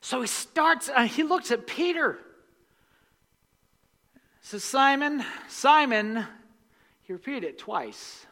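A man's voice: extremely high pitch, huge pitch swings, slow pace, long pauses, bright, forceful tone. A male pastor preaching a sermon in a church sanctuary, emphatic and repeating key lines for stress. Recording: long reverb of a large hall.

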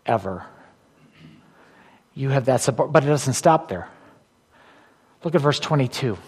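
A man preaching a sermon as pastor. He talks emphatically, repeats key phrases, and swings from loud declarations to hushed, intimate asides. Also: mid-range voice, lively intonation, a little slow, slightly rough, long reverb tail.

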